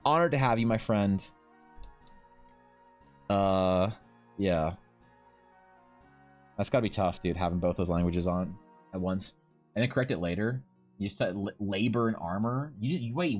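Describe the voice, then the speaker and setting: A man's voice: fairly low pitch, a little slow, pauses often, faint music behind. A young man, streaming and chatting casually with his viewers, rambling and swearing freely. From Canada. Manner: rambling, animated, swears freely, lots of fillers.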